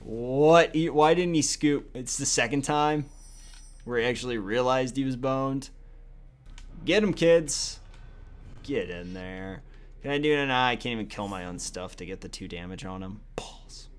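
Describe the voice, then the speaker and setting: A man's voice: mid-range voice, expressive, a little slow, clear, resonant tone. Profane, sarcastic young man commentating a game. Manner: profane, sarcastic, talking to himself. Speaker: gaming video host. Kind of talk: casual gameplay commentary.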